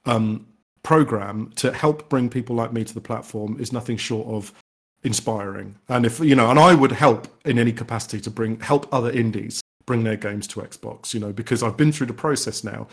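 A man's voice: mid-range voice, normal speed. A man, an independent game developer, answering podcast interview questions eagerly, often restarting his sentences. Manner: enthusiastic, rambling with frequent restarts. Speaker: indie game developer guest.

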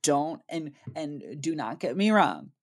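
Low-voiced woman ranting on a podcast. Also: expressive, takes it slowly. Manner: profane, emphatic ranting. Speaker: podcast co-host. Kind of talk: casual chat.

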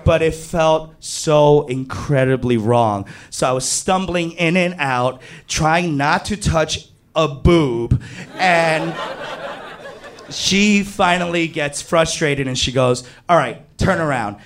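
A man telling a comic true story to an audience, animated and self-mocking, leaping high in pitch on exclamations. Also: slow pace.

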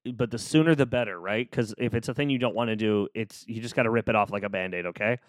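A solo podcast host with a fairly low voice speaks at a quick pace, recorded dry and clean on a close studio microphone. His tone is casual, playful, and upbeat as he encourages the listener.

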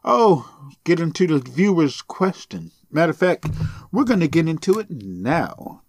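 A man's voice: fairly high pitch, very animated, a little slow, husky, dry recording. A man hosting a solo podcast, ranting sarcastically and swearing as he rambles. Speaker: podcast host.

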